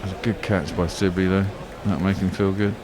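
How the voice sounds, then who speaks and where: Sweary, excitable cricket commentator man. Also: deep voice, a little fast, background noise. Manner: excitable, swears freely, argumentative banter. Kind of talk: ball-by-ball radio commentary.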